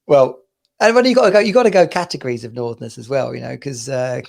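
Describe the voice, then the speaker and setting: Gravelly-voiced man rambling through stories. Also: medium pitch, fast talker, darkish tone. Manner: rambling, chatty storyteller who laughs often. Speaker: podcast host. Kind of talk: casual chat.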